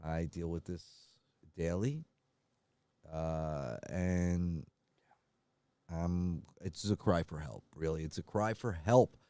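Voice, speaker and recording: A man co-hosting a podcast, telling absurd stories in a deadpan way and directing comic bits. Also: low-pitched, takes it slowly, pauses often, dry recording. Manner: deadpan storytelling breaking into mock wailing. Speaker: podcast co-host.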